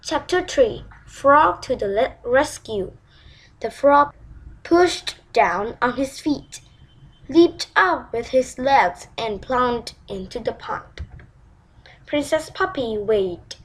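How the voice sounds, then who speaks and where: A woman reading a children's storybook aloud in a slow, expressive way. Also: high voice, breathy edge, low-quality recording.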